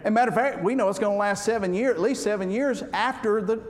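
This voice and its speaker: A man preaching a humorous sermon, folksy and joking, swinging between loud and soft. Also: high-pitched, fast. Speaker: pastor. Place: church sanctuary. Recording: reverberant hall with faint background noise.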